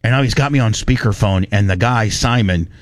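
A man's voice: on the low side, fairly quick, dry recording. A man hosting a radio show in a broadcast studio, telling a story in a blunt, heated, rambling way with many restarts. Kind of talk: on-air storytelling rant. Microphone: studio microphone.

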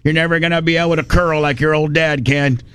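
A man doing a gruff, rugged dad. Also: on the high side, fairly even intonation, quick pace, a bit bright, close to an everyday voice. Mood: boastful. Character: gruff rugged dad, smoking, boastful and short-tempered.

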